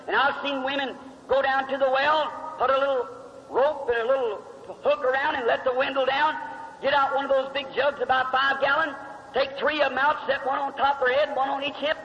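A man's voice: very high-pitched, little pitch movement, brisk. A male preacher telling a Bible story in a folksy way, with homespun grammar and questions to the crowd, on a muffled recording in a reverberant hall. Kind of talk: storytelling sermon.

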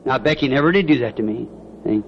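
This preacher talks fast in a mid-range voice with lively intonation, spinning homespun family stories and frequently checking in with "See?" It sounds like an old, dull lo-fi tape carrying a faint hiss.

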